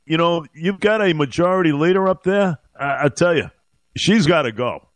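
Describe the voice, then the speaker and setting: A man hosting a talk radio show, speaking haltingly with many fillers and growing heated on politics. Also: a little high, no room sound. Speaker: radio host.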